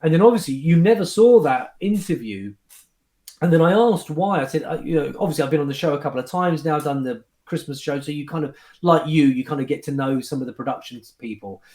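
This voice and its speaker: Man, magician guest, casual chat, animated storytelling, echoey room. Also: on the high side, fairly quick. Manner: animated storyteller, restarts and fillers. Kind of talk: casual chat recounting anecdotes.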